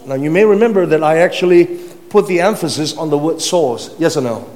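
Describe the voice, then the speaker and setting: A man's voice: on the high side, brisk, a little mellow. A man preaching a sermon in a teaching manner, putting questions to his listeners and repeating words as he builds his points. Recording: long hall reverb.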